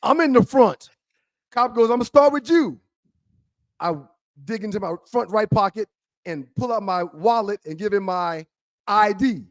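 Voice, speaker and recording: A man co-hosting a talk show, telling an animated story and acting out a shouting cop. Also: high voice, normal speed, no echo. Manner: acts out a cop's voice, loud and shouting.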